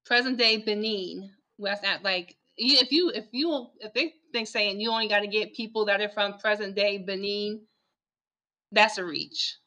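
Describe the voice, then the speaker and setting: Bright-voiced musing woman co-host. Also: medium pitch, normal speed. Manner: musing, hesitant, with restarts. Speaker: podcast co-host. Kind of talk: casual chat.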